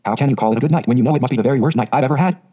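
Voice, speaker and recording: Dreamy, gushing orphan girl of eleven, read by a man. Quick, husky audiobook delivery. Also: medium pitch, dark tone, natural voice. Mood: despairing. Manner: dreamy, gushing, dramatic phrasing.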